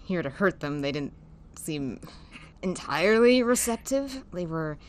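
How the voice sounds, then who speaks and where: A woman's voice: on the low side, big pitch swings, measured pace. Woman player explaining her moves. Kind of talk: tabletop game chat.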